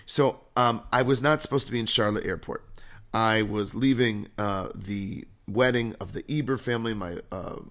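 A man, a rabbi, telling a story in a lively, conversational sermon. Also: lowish voice, normal speed.

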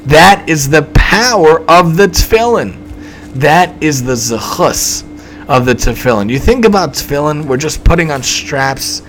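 Guy preaching, super animated, repeats himself a lot, kinda high voice, faint noise behind. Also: a little slow, faint music behind, rough recording. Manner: emphatic, repetitive, dramatic swings in delivery. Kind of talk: storytelling sermon.

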